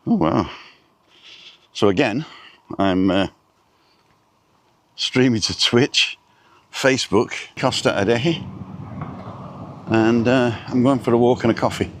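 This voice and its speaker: A man's voice: medium pitch, slow, pauses often. A middle-aged man hosting a casual live stream outdoors. He rambles and reads out viewers' names with small asides. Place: outdoors with a view over hotels. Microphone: camera set down in front of him.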